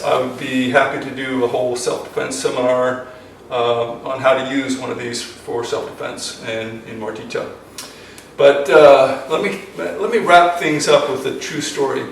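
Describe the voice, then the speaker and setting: An older man, a self-defense instructor, talking earnestly and emotionally in a rambling way full of ums. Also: medium pitch. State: emotional, choked up. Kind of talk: casual instructional talk to camera. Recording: very echoey, distant from the mic, faint noise.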